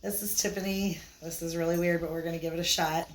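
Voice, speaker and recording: A woman's voice: on the low side, fairly even intonation, fast. A woman with a put-on Russian accent, telling a story to camera and drawing out key words for suspense. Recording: roomy echo.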